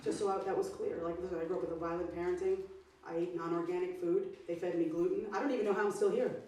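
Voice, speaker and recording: A woman's voice: fairly low pitch, steady tone, fast, warm tone, slight background noise. A woman comedian performing a stand-up set, with a brash, profane, punchy delivery. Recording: echoey club sound from far off.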